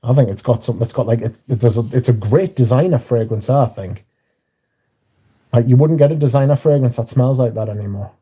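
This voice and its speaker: A man's voice: mid-range voice, a little fast, mellow, slightly rough. A man hosting a livestream, chatting casually and reading out viewer comments in a rambling, plain-spoken way. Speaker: livestream host.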